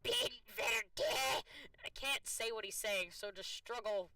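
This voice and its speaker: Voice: medium pitch, normal speed, sharp tone, smooth, recorded from a distance, poor audio. A streamer talking casually during a live stream, making chatty, self-mocking asides about the game.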